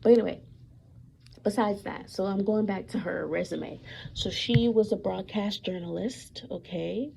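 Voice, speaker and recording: Slow-talking woman with a gravelly voice. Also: medium pitch, slight background noise, low-quality recording. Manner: animated, repetitive, emphatic with many fillers; suspicious, accusatory tone about her mother. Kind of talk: casual storytelling monologue.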